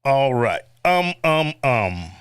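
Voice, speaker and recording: A man's voice: medium pitch, very animated, slow, clear, resonant tone, no echo, studio quality. A man hosting a casual livestream, blunt and profane, chuckling often and reading viewer chat aloud. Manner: chuckles often between remarks. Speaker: livestream host.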